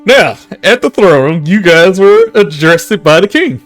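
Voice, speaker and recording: A man's voice: sits high, sing-song, unhurried, faint music behind. A young man narrating as game master in a loose, rambling way, full of restarts and fillers. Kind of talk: casual tabletop game narration.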